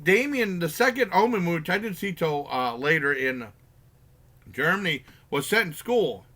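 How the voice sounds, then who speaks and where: Man, casual movie review, rambling, filler-heavy, slightly high voice, acts out quotes. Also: bright, forceful tone. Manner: rambling, loose, with many fillers and restarts; acts out characters' lines in quick bursts.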